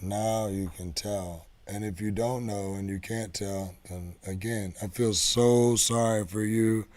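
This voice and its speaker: A man hosting a casual live show, rambling along with lots of halting restarts. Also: lowish voice, fairly even intonation, darkish tone. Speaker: show host. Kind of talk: casual live-stream chat.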